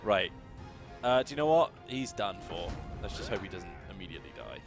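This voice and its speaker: Excitable man streaming a game. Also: low voice, fairly quick. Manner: excitable, reacts loudly to the game. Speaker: co-host playing a strategy game on a livestream. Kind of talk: casual live gameplay commentary. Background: game music.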